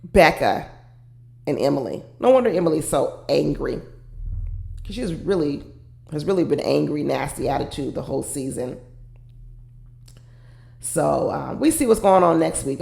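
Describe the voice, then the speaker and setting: A woman's voice: low-pitched, vocal fry, mellow, echoey room. A woman commenting casually and with firm opinions on a reality show, talking straight to her viewers.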